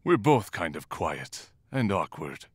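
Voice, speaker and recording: A man voicing a gentle, tearful demon-hunting monk in a romantic character audio role-play, talking in a shy, halting, emotional way. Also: sits low, very animated, no room sound, clean studio sound, full character voice. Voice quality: soft, husky, slow and tender.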